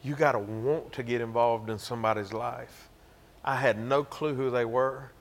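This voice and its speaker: A man's voice: medium pitch, fairly even intonation, normal speed. A man with a Georgia Southern accent, preaching a sermon as a pastor and telling a story in a folksy, emphatic way. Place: church.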